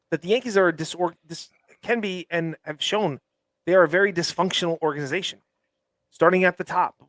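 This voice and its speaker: High-voiced emphatic sports podcast host. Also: male voice, fairly bright tone, dry recording. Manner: emphatic, many restarts. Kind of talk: casual sports chat.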